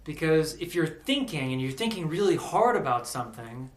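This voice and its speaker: An American man telling a personal story in a casual, animated way, acting out the voices of the people he quotes. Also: fairly high pitch, normal speed. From United States. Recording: echoey room.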